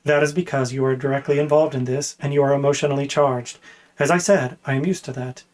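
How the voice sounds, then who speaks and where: A man voicing a patient guard captain, speaking in a flat, measured, unhurried way. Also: medium pitch, a little hiss or hum, natural voice. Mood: flatly stern. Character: calm, patient male guard captain, coolly stern.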